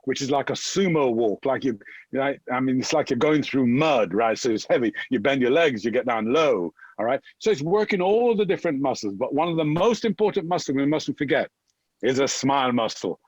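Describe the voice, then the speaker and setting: This man's medium-pitched voice moves a little fast, and the audio is dull with no echo. With his Jamaican accent, the man from Jamaica keeps things energetic as an upbeat fitness guest, often tagging "right?" onto his points in a motivational chat.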